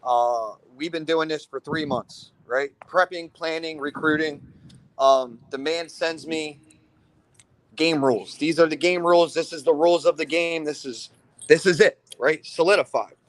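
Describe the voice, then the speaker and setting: A man casually telling a paintball story on a podcast, animated and profane, asking "right?" again and again and acting out other people's lines. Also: a little high. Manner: acts out other people's lines in quick bursts. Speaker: paintball team commander.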